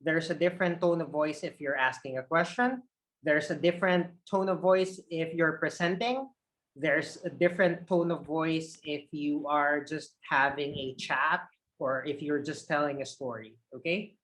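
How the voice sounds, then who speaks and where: Man, call center trainer, video call, expressive tone that rises and falls. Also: on the high side, moderate pace, rough recording. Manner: expressive, shifts energy up and down to demonstrate tone. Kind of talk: online training session.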